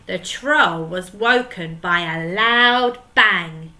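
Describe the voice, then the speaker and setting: A woman's voice: fairly low pitch, extremely slow, pushed and bright, rough recording. A woman teacher reading a picture book aloud to young children, stopping to ask them questions. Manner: asks the listening children questions. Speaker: primary school teacher.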